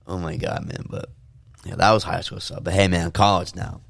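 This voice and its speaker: Deep gravelly young man telling stories. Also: moderate pace, no echo. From California. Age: young adult. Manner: animated storyteller, shouts quoted lines in high voices. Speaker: podcast co-host. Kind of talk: casual chat.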